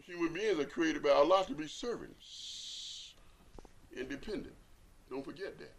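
The imam leading this Friday sermon has a slightly high, creaky voice, lively intonation and a measured pace. He asks rhetorical questions and hammers lines home through repetition, alternating hushed and loud passages that climb to forceful.

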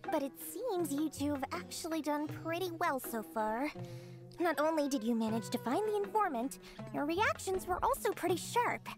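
A woman voicing a shrewd, smooth-talking female black-market merchant in a video game, with a sly, theatrical sales manner. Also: high-pitched, expressive, normal speed, music in the background.

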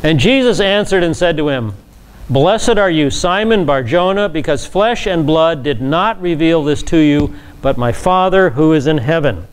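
A man's voice: on the high side, expressive, normal speed, smooth. A pastor leading a Bible study, explaining scripture to a class in a conversational teaching manner with asides to his listeners.

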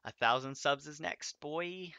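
A man's voice: a little high, a little slow, bright, forceful tone, no echo, highs cut off. A man streaming a video game live, overexcited and shaking, exclaiming and laughing between apologetic rambles into a clipping desk mic. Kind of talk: live gaming stream commentary. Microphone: desk microphone, audio clipping.

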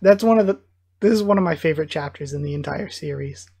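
A man's voice: fairly high pitch, fast, vocal fry, darkish tone, slightly rough. A man hosting a live manga reading reaction, commenting in an enthusiastic, gushing fan manner. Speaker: reaction video host.

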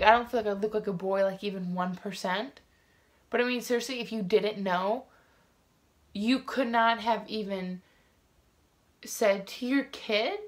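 A woman talks straight to her viewers in a casual storytime vlog, her voice sitting at a middling pitch. She rambles, circles back and leans on "like" constantly, with a frank, indignant edge. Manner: rambling, full of "like" fillers and restarts. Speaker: vlogger.

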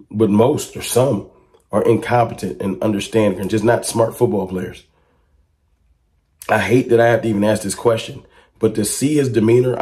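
A man talking straight to camera as a sports fan commentator, with a low, dark tone. He presses his points emphatically and keeps firing rhetorical questions at his listeners. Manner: rises to excited high-pitched exclamations when reacting to clips.

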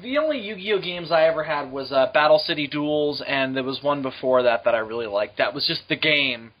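A young man co-hosting a podcast, excitable and profane, with lots of fillers. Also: a little high, a little fast. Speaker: podcast co-host. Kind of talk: casual chat. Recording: dull lo-fi podcast audio.

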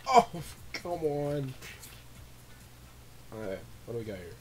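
A young man recording let's play commentary, swearing and swinging from low muttering to sudden shrieks of disgust. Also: sing-song, takes it slowly, darkish tone, slight background noise. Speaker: gamer, channel host.

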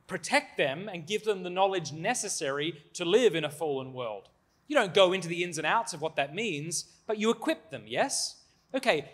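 Speaker fielding audience questions, candid and self-mocking, slightly high voice, live conference talk. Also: male voice, fairly bright tone. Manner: candid, joking, self-deprecating. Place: conference hall before an audience.

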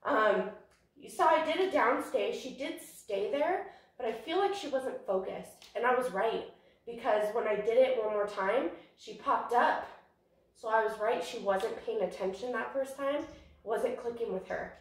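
A woman's voice: on the high side, a little slow, recorded from a distance. A breathless young woman explains dog training in a chatty, rambling way. She sounds like she's standing back from the mic in a very echoey room. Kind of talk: casual training lesson.

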